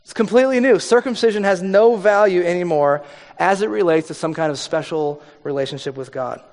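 A man giving a sermon in a loose, conversational way, cracking jokes and briefly slipping into the voices of the people he quotes. His voice sits a little on the high side for a man. The sound carries the long reverb of a large church hall. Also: brisk, darkish tone. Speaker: pastor.

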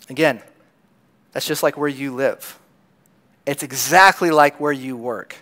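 A man's voice: medium pitch, measured pace, pauses often, fairly bright tone. A man preaching a sermon in a conversational storytelling manner, acting out the lines of people in the crowd. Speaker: pastor.

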